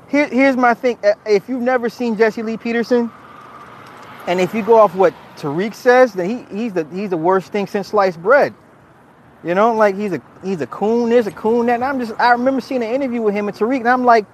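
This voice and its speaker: Man streamer, casual reaction chat, slightly high voice, swears a lot, laughs often, keeps restarting his sentences. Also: a little fast, slight background noise. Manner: frequent restarts and repeated words. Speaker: streamer reacting to viewer comments. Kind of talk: casual livestream commentary.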